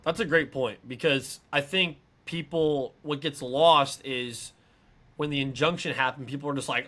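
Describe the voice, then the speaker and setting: A man co-hosting a casual sports podcast, talking emphatically and building to excited peaks. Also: medium pitch, normal speed. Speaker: podcast co-host.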